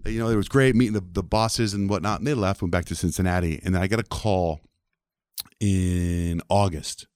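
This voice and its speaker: Man in his fifties, deep voice, rapid animated storyteller, dry close sound. Southwestern US. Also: clear, resonant tone, no room sound. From southwestern United States. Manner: animated, acts out quoted voices. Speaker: interview guest, radio personality. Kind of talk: conversational storytelling.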